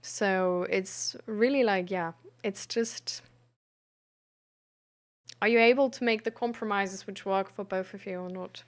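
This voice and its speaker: A woman's voice: mid-range voice, fairly even intonation, measured pace. Frank, reflective woman streamer. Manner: frank, reflective, hesitant with many fillers. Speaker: streamer and peer support coach. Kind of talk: casual live-stream chat about mental health.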